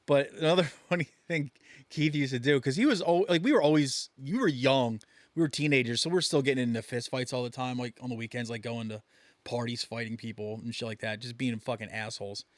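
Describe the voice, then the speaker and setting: A man's voice: medium pitch, a little fast, no room sound. A man co-hosting a podcast, telling crude stories in casual chat and acting out the voices of the people in them. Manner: profane, animated storytelling with acted-out voices. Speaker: podcast co-host.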